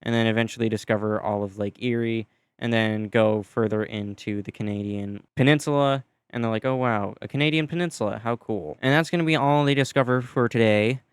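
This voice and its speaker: A man giving casual, offhand voice-over narration, chatty and loose with frequent fillers and deadpan asides. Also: lowish voice, a little fast, clear, resonant tone, no echo. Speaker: map video creator narrating.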